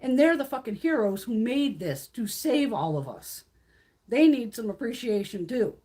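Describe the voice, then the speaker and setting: A woman in her fifties with a husky, fairly high voice that leaps all over in pitch. She chats on a casual livestream and rants bluntly with plenty of swearing, often slipping into quoted voices. The tone is loose and unscripted. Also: sing-song, normal speed, mellow. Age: 50s. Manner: blunt, profane and ranting, with frequent laughs; acts out others' lines in quoted voices. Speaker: beauty livestream host.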